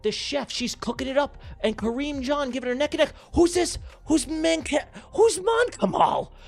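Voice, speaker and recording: A man hosting a livestream, calling comic races like an excitable sports commentator, jumping from mock-serious to shouting names. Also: very high-pitched, moderate pace, vocal fry. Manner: excitable, jokey race-caller, shouting names. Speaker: livestream host running giveaway races.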